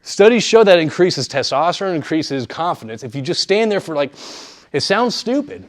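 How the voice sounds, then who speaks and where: A man's voice: on the high side, very animated, moderate pace. A man giving a live presentation to students in a room, speaking conversationally and often checking in with his audience. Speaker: workshop speaker.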